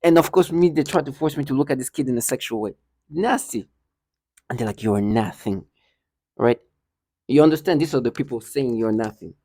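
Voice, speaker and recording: A man's voice: mid-range voice, a little fast, mellow, dry recording, clean studio sound. A man ranting indignantly to the camera in a monologue, repeating himself and stumbling over restarts. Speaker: vlogger. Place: indoor building hallway.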